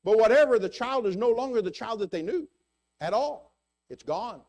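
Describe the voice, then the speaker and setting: An older man giving a sermon in church in a conversational, halting way, with many fillers and restarts, rising for rhetorical questions. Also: expressive, a little mellow. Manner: rises in pitch for rhetorical questions. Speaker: preacher.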